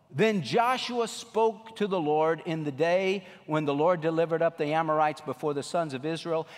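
A man preaching a sermon as a pastor, animated and emphatic, repeating phrases and swinging his voice up and down. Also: a little high. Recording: long reverb of a large hall.

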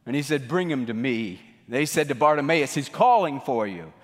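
A male pastor preaching a sermon, swinging from loud outbursts to hushed lines. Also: mid-range voice, big pitch swings, normal speed, long reverb tail.

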